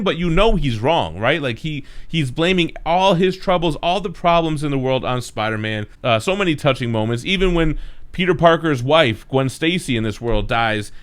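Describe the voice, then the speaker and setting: A man's voice: mid-range voice, a bit bright. A man hosting a comic book channel, talking in a laid-back, slangy way as he reviews the week's comics. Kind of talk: casual review chat.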